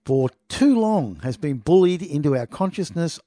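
A man's voice: a little high, expressive, normal speed, dark tone, no echo. Male commentator, indignant and mocking as he reads a story aloud and comments on it, dry recording with no room sound. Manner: indignant, mocking, keeps addressing listeners as "people". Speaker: online political commentator. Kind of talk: reading a news article aloud with running commentary.

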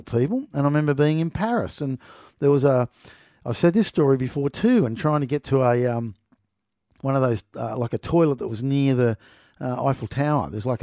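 A man's voice: mid-range voice, a little mellow, dry recording, clean studio sound. A middle-aged man hosting a podcast, telling travel stories in a rambling way and reading from an article, often repeating "people" for emphasis. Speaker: podcast host. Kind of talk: casual monologue and article reading.

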